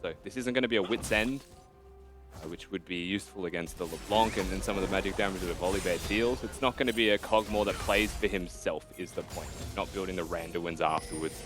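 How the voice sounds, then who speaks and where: A man's voice: sits low, fairly quick, over music. A man giving analytical, conversational esports commentary. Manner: analytical, conversational breakdown of plays. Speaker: esports caster.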